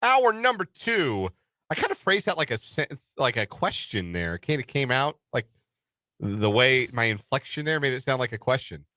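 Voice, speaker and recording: Male sports radio host, bright and lively, casual studio banter, dry close mic. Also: medium pitch, moderate pace, dry recording. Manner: lively, animated, breaks into impressions.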